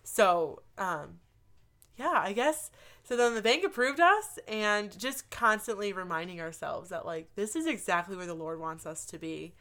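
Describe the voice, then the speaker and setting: A woman's voice: medium pitch, unhurried. Earnest woman telling a story. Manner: earnest, animated storytelling with frequent "like". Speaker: guest telling her story. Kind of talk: casual chat.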